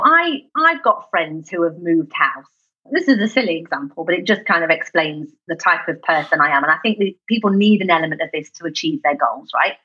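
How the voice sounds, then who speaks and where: A woman with a northern British accent speaks with a bright, sharp tone and a very animated rise and fall in her voice. Her voice is a little husky, and the recording sounds slightly lo-fi and dull. She is an energetic, emphatic podcast guest. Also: mid-range voice. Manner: energetic, emphatic, self-deprecating. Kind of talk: casual interview chat.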